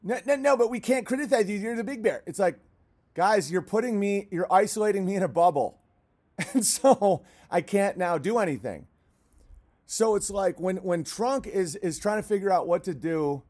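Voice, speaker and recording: A man with a high-pitched voice hosts a livestream in a loose, rambling rant. He swears freely and jumps from point to point, and he breaks off now and then to shout at barking dogs. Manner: rambling, profane, cuts off to yell at barking dogs. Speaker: livestream host.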